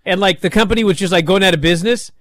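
A man's voice: high voice, very fast, fairly bright tone, no echo. A man hosting a sports talk show, telling stories in casual chat, rambling with lots of fillers. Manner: rambling storyteller with many fillers. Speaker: wrestling radio show host.

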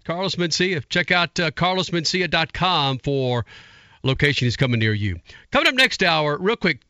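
A male radio host wrapping up a guest segment and previewing the next hour with quick plugs. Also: fairly high pitch, lively intonation, pushed and bright, no echo, lo-fi sound. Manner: quick plugs and show rundowns. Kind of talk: radio talk show hosting.

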